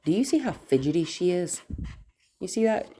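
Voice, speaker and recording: Low, mellow-voiced woman dog trainer. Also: moderate pace, husky. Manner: explanatory, checks in with "right?"; drops to a soft whisper to calm the dog. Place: indoors in a house.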